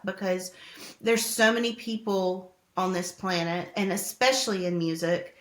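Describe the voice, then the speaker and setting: A woman musician talking candidly as an interview guest, open and heartfelt, pausing often with "like" and "um". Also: mid-range voice, a bit bright, roomy sound. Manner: open, heartfelt, hesitant with many "like"s.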